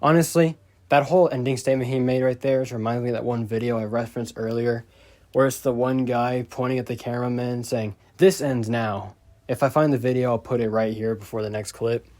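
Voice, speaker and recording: A man retelling a chat exchange in a sarcastic, deadpan commentary style. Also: medium pitch, fairly quick, dry recording. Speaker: video creator.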